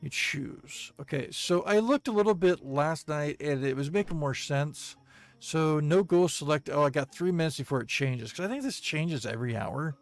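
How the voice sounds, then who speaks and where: A man with a voice pitched a little above the usual male range talks through a farming game and reads comments aloud. He stops often to fill gaps with ums and uhs and chuckles now and then. Faint music plays beneath him. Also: animated, normal speed. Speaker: gaming video creator. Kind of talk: casual gameplay commentary, reading viewer comments.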